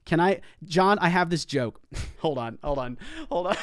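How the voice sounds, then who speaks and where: A young man hosting a casual livestream chat, animated and quick to laugh. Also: on the high side. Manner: animated, laughs often, breaks into mock singing. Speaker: host.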